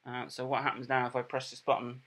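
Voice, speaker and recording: A middle-aged man talks through a product review in a casual, matter-of-fact way. He hesitates often, filling gaps with ums and repeating words as he goes. His voice sits at an ordinary middle pitch. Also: flat delivery, fairly bright tone, breathy edge. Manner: plain, unhurried and matter-of-fact.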